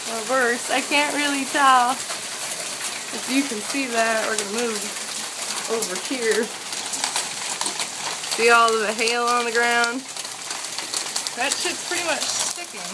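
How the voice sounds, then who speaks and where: Excited young woman filming a hailstorm. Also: on the high side, slow pace, pauses often. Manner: excited, swearing, laughing. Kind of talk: casual phone-camera narration. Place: home doorway, hail outside. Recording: loud hail noise behind. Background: hail and rain.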